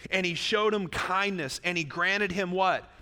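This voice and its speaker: A man preaching a sermon in a church, lively and joking, with asides to the congregation. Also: high-pitched, a little slow, in a large hall. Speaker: pastor.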